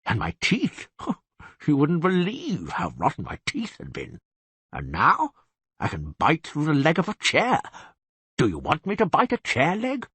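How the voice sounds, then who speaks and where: A man reading the part of a genial, boastful cursed beast-man with a husky voice, chatting wryly in an audiobook. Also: a little high, wildly swooping pitch, unhurried, a bit bright, no room sound, voice pushed up, full character voice. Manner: chatty, confiding, wry.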